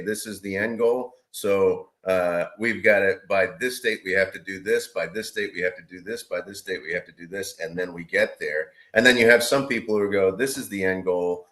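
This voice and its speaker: A man's voice: deep voice, normal speed, hardly any pauses, a bit bright. A man co-hosting a podcast, chatting casually and rambling through examples with acted-out quotes. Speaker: podcast co-host. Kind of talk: casual chat.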